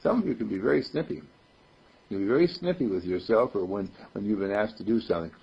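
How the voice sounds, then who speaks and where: Brief: man spiritual teacher, raspy gravelly voice, lively swooping delivery, chuckles, dull lo-fi tape. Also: lowish voice, fast. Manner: playful, chuckling, repeats affirmations. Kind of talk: informal sermon to a group. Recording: dull lo-fi recording.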